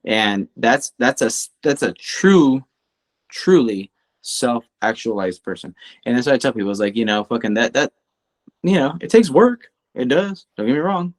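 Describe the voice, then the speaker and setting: Profane, rambling man on a podcast. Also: moderate pace. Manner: profane, rambling, animated, rising pitch when worked up. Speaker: podcast co-host; coach. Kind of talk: casual chat.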